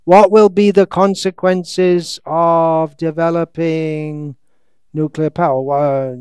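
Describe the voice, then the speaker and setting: Slow, high-voiced sarcastic male lecturer. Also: fairly even intonation, darkish tone, clear, resonant tone, no echo. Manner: sarcastic, ironic asides; reads quotes slowly, stretches words. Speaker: monk lecturer. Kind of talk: scriptural lecture. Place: lecture hall in India.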